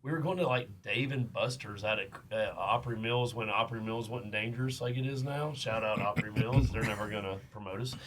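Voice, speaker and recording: A man's voice: on the low side, a little fast, few pauses, a crowd in the background. A man, hosting a casual podcast chat and telling a story with lots of fillers and restarts. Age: 30s. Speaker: podcast host.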